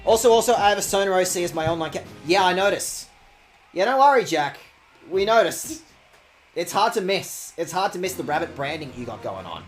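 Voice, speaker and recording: A man streaming a video game, chatting casually with his viewers in a sarcastic, animated way and swearing often. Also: high voice, a little fast, soft background music.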